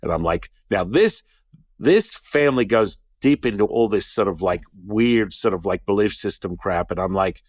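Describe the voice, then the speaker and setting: Animated low-voiced man telling a story. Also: moderate pace, dry recording, clean studio sound. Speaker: Taoist teacher, interview guest. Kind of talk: casual storytelling.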